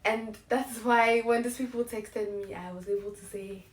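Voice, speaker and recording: A woman's voice: mid-range voice, normal speed, few pauses, echoey room, distant mic. A young woman in her twenties from Ghana, telling a casual story-time vlog and laughing as she acts out the emails she got. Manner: animated, laughing, acts out emails in bright voices. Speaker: vlogger.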